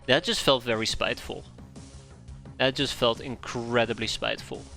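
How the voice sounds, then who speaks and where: A man commentating his live gameplay stream in a bright, forceful voice, complaining aloud and repeating himself. His pitch shoots up sharply when things go wrong, with quiet game music under him. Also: fairly even intonation, moderate pace, vocal fry. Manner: exasperated, complains aloud, voice jumps high when upset.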